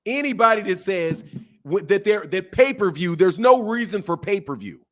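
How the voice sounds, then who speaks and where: A man giving a casual boxing commentary rant, animated and full of repeated rhetorical questions. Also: sits high, moderate pace.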